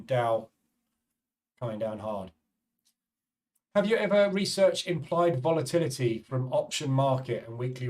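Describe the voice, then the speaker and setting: A man's voice: medium pitch, a little mellow, recorded from a distance. A man hosting a live trading stream, chatting casually and thinking aloud about the markets as he reads replies to viewers.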